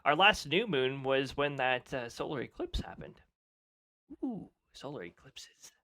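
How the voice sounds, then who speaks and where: A man's voice: mid-range voice, sing-song, unhurried, creaky, sharp tone. A man chatting casually on a live stream, laughing often and reading off weather details.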